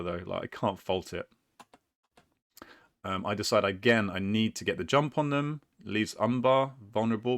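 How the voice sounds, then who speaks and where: A man's voice: sits low, a bit bright. A man casually commentating his own board game match, rambling and hesitant, often laughing at himself.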